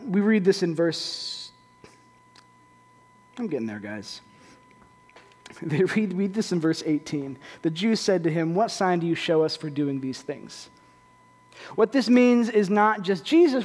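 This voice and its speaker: A man preaching a sermon in a lively, animated way, with joking asides to the congregation. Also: sits high. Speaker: pastor. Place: church sanctuary. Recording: long reverb in a church hall.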